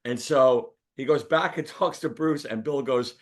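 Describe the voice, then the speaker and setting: A man's voice: mid-range voice, a little slow. A man who once produced radio shows, chatting casually and laughing as he tells a story. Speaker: radio producer and podcast host. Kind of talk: casual sports chat.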